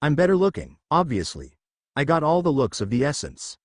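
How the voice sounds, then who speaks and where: A boastful teen demigod boy who jokes his way through, read by a man with a lively pitch. The sound is dry and close. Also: a little fast, no echo.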